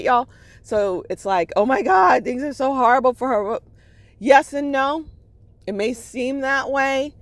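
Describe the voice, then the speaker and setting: A middle-aged woman talking candidly in a rambling vlog, checking in with her listeners as she goes. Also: deep voice. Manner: emotional, swings between laughter and sadness. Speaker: spiritual vlogger. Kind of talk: casual personal vlog monologue.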